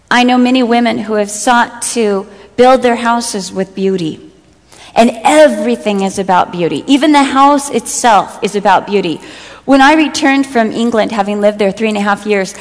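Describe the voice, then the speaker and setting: A middle-aged woman giving a sermon, telling personal stories and acting out what friends said with humor. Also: fairly high pitch. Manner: storytelling, acts out quoted friends with humor. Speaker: speaker giving a talk to women. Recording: long hall reverb.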